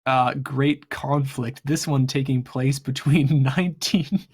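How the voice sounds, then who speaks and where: A man with a husky, slightly breathy voice chats casually during a break in a tabletop game. He talks haltingly, repeating words and laughing through his sentences. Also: medium pitch, steady tone. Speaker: player.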